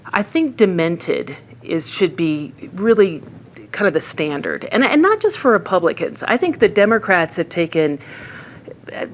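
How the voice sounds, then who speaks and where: A woman commentator on a political panel, talking with sharp deadpan sarcasm. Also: lowish voice, unhurried, a little hiss or hum. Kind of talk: panel discussion.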